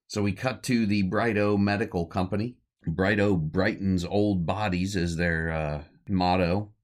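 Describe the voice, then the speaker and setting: A man's voice: low voice, fairly even intonation, measured pace. A man hosting a podcast, retelling an old comedy short in a loose, rambling way and chuckling as he goes. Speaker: podcast host. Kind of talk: casual film recap.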